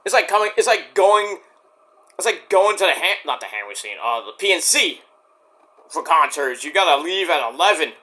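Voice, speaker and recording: A man's voice: fairly high pitch, animated, normal speed, pushed and bright. A man ranting casually about wrestling with lots of restarts and swearing. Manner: rambling, profane, many restarts. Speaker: vlogger.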